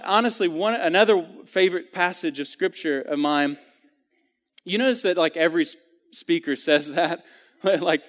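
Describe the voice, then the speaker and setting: A man's voice: on the high side, a bit bright, in a large hall. A man giving a sermon in a church, talking earnestly and conversationally with frequent restarts and fillers. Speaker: preacher. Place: church sanctuary.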